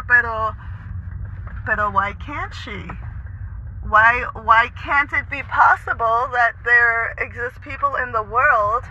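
Bright high-voiced man in car. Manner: chatty, mixes Spanish words, swears freely. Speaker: artist vlogger. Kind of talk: casual monologue to camera. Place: in a car, driving. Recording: slightly muffled with faint road noise.

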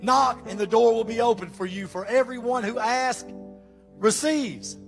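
A man's voice: very high voice, a little slow, vocal fry, soft background music. A man preaching a sermon to his church, reading scripture with emphatic praise.

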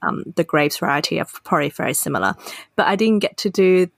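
A woman co-hosting a podcast in easy, casual conversation. Her voice sits on the low side, and she tells her stories in a chatty, explanatory way. The recording is dry and close. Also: lively intonation, quick pace, creaky, dry recording. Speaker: podcast co-host. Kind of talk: casual chat.

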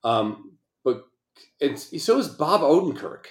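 A man with a sing-song mid-range voice speaks slowly while co-hosting a casual talk show podcast. He rambles through loose banter and swears often, and the recording has a roomy echo.

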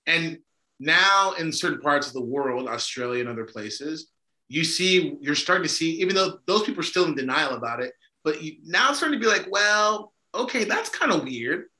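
An emphatic man co-hosting a podcast discussion. His voice sits a little high and sounds bright and forceful. The echo of the room is clearly heard around him. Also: animated, brisk. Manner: emphatic, discursive, with frequent "right?" checks. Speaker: podcast co-host. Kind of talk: conversational discussion. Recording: echoey room.

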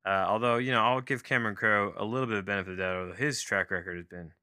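A man's voice: lowish voice, racing, pushed and bright, no room sound. A man reviewing a movie from his home office, rambling and self-deprecating, with many fillers and restarts.

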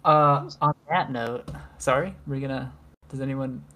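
A woman's voice: a bass voice, steady tone, moderate pace, a bit bright. A woman co-hosting a podcast in casual chat, rambling with lots of filler words and laughing often. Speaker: podcast co-host.

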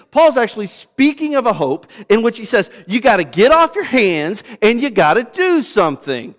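A man preaching a sermon as pastor, swinging from loud emphasis to hushed, low passages. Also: long reverb tail.

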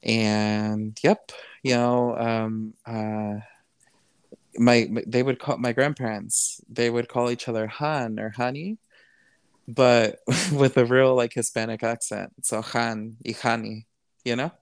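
Man, podcast guest, casual earnest storytelling, smooth clear voice, dry close sound. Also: mid-range voice, fairly even intonation, slow, no echo. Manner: switches between English and Spanish, many fillers like "you know"; earnest, emotional retelling.

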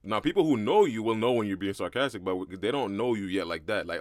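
A young man from Brooklyn, co-hosting a podcast in slangy, animated casual chat. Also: fairly low pitch, dry recording. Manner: fast, slangy, animated storytelling. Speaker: podcast co-host.

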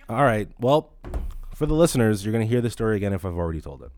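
A man's voice: fairly low pitch, big pitch swings, quick pace, darkish tone, no echo. A man in his late twenties, a podcast host, telling a rambling, profane story in casual talk.

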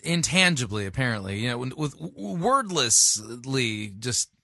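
A man's voice: mid-range voice, very animated, measured pace, bright, forceful tone, dry recording. A man hosting a review show, cutting in with dry, skeptical commentary. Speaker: host. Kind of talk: critical commentary.

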